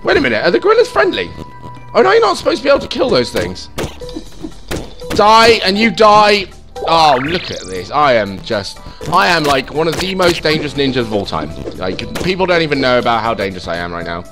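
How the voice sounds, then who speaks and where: A man's voice: fast talker, music in the background. A man casually swearing and reacting as he plays a game. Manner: excitable, sweary, jumps in pitch. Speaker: gaming channel host. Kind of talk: let's play commentary.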